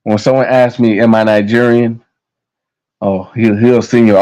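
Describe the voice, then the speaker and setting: A young American vlogger delivers a heated, profane, repetitive rant straight to camera in a casual way. He speaks at a normal speed with a fairly low, level, slightly mellow voice, and the recording is rough.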